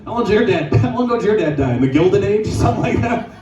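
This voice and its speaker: High-voiced brash comedian in an echoey bar. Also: male voice, expressive, recorded from a distance, muffled recording, faint music behind, some chatter behind. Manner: brash, crude, fast riffing with shouted punchlines. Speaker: stand-up comedian. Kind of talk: stand-up set. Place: bar lounge stage.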